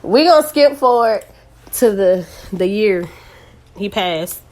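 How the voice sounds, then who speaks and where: A woman's voice: mid-range voice, expressive, slow pace, darkish tone. A woman hosting a casual podcast who rambles and corrects herself, joking while holding back tears. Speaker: podcast host.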